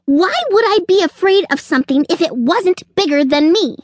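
A high, squeaky storybook squirrel, put on by a woman narrator gasps out every word in a panic. He is out of breath and jumpy, and his voice leaps around wildly. The sound is dry and close. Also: animated, normal speed, dry recording. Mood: panicky. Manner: frantic, shrieking repeats. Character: panicky jittery male squirrel.

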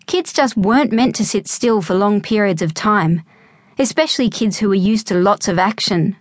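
A woman with an Australian accent reading a children's audiobook in a lively storytelling manner. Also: mid-range voice, normal speed, no room sound. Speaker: audiobook narrator. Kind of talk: scripted narration.

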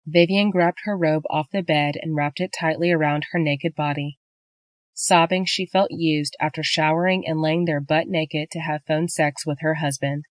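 A woman reading a novel as an audiobook narrator in a steady, measured way, on a close studio mic. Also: sits low, dry recording. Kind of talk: scripted narration.

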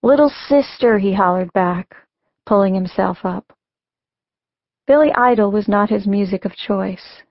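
A woman narrating her own memoir as a scripted audiobook, in a measured, reflective reading. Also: mid-range voice, little pitch movement, no room sound. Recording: dry, dull lo-fi audiobook recording.

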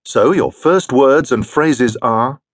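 A man narrating a scripted audio language course in a studio, announcing sections in a measured way. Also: mid-range voice, no echo.

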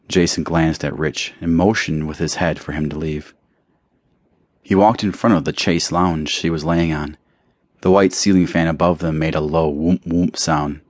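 Man, very deep voice, audiobook narration, measured reading, dry close mic. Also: steady tone, dry recording. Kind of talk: scripted narration. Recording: dry close studio recording.

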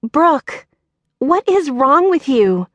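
Narrator doing a fed up young woman baker, a bit raised, slow, dry. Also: fairly high pitch, expressive, no echo, dull audio, voice pushed up. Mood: exasperated. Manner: exasperated, questioning.

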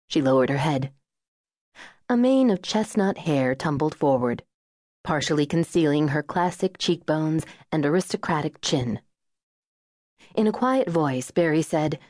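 A woman narrating an audiobook in a measured, even storytelling manner, close to the mic. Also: deep voice, no echo. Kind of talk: scripted narration.

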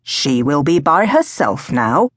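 A woman narrator voicing a pleasant, deferential middle-aged male gardener in a lowered voice. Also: big pitch swings, takes it slowly, slightly rough, no room sound, studio quality, heavily acted. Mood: mild. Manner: deferential, mild.

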